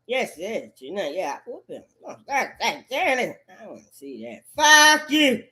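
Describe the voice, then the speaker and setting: A woman's voice: lowish voice, big pitch swings, moderate pace, fairly bright tone. A woman in a rambling, profane monologue, full of cursing and repetitive outbursts.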